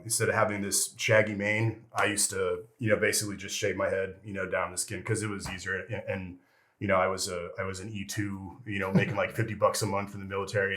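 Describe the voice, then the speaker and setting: Deep-voiced man telling rambling war stories. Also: fairly bright tone. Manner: rambling and profane, heavy with fillers like "you know" and "freaking". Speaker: interview guest, retired military veteran. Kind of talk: casual storytelling interview.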